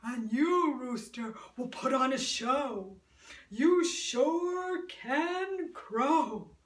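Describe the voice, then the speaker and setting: A woman voicing a friendly donkey who talks in a lower, homely and persuasive way. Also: animated, very slow, heavily acted. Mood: eager. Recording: roomy room, voice from a distance.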